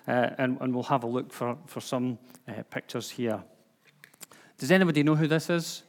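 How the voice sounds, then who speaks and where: A man with a Scottish accent giving an informal sermon, chatty, with lots of fillers and restarts. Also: a little high. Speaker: preacher. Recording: long hall reverb.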